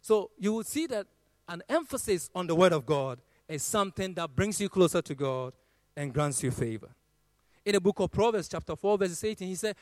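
A man's voice: sits high, normal speed, no room sound. A man preaching a sermon who quotes scripture in a rising, sung cadence and swells his voice on key lines.

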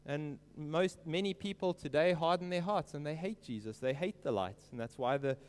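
Earnest preacher in a reverberant room. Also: male voice, on the high side, clean tone. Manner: earnest, emphatic, with slow stressed quotes. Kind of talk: sermon.

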